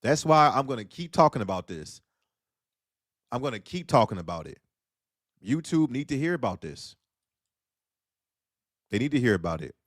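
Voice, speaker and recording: A man's voice: mid-range voice, very animated, moderate pace, pauses often, no echo, clean studio sound. A man hosting a casual livestream, riffing in slangy talk and laughing between points. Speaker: livestream host.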